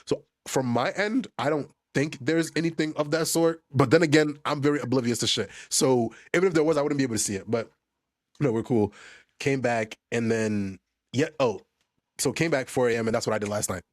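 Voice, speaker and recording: Male podcast co-host, quick animated storyteller, dry sound. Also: mid-range voice, dry recording. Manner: animated storytelling, slangy, laughing often. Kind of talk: casual chat among friends.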